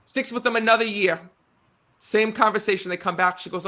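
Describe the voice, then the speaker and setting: A man's voice: sits high, fairly quick, bright, forceful tone. A man in his thirties with an American accent, earnestly telling personal stories to a live audience, often checking in with "right?" and "you know.". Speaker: psychic medium guest. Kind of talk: casual storytelling conversation.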